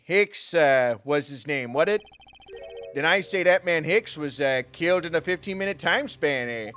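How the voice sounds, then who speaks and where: A man's voice: on the high side, animated, moderate pace, fairly bright tone. A man voicing a snooty Canadian-accented man, exaggerated and tagging lines with "eh", while reading game dialogue aloud. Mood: gossipy. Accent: put-on Canadian. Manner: exaggerated "eh"-tagged delivery.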